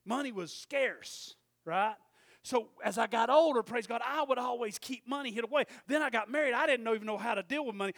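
A man preaching a sermon and telling a personal story, swinging from loud emphatic preaching to quiet storytelling. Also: very high voice, animated, fast talker.

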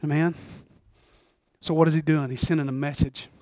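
A man preaching a sermon, calling for amens and swinging between shouts and hushed asides. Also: a little high, flat delivery, normal speed, no room sound, clean studio sound. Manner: calls for amens from the congregation. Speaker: pastor.

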